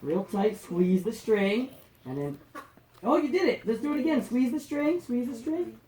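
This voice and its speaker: A woman's voice: fairly high pitch, normal speed. A woman presenting a children's science show, coaxing the young audience to join in. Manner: animated, coaxing audience participation. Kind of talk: lively interactive demonstration for kids. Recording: noisy home video recording.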